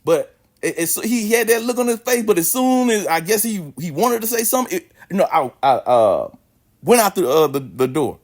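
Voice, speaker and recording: A man's voice: sits high, moderate pace. A man telling a casual, slangy story with plenty of swearing and a lot of expression. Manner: animated, slangy, swears freely.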